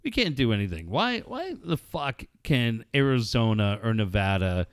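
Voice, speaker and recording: A man hosting a casual talk show, talking in a lively way, swearing and ranting. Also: medium pitch, moderate pace, smooth, no room sound, studio quality. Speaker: host. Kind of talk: casual radio chat.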